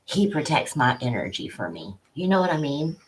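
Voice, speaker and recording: A woman's voice: sits low, sing-song, normal speed, poor audio. A woman giving a spiritual tarot reading to a camera at home, chatting loosely and stopping to talk to her dogs. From Louisiana. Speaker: tarot reader and psychic. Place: home room with dogs nearby.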